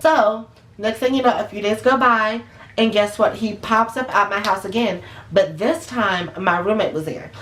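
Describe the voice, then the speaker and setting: A woman recounting a storytime for her viewers, blunt and full of cussing, with plenty of emphasis. Her voice sits in a middle pitch, and the room gives it a roomy echo. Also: normal speed, a bit bright, a little hiss or hum. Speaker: vlogger. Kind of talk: storytime vlog.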